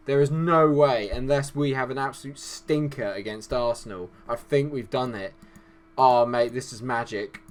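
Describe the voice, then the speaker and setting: Hoarse male gaming commentator, moody and excitable. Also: mid-range voice. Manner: swings from glum muttering to shouting outbursts. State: hoarse, losing his voice. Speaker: gaming YouTuber. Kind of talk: excited live game commentary.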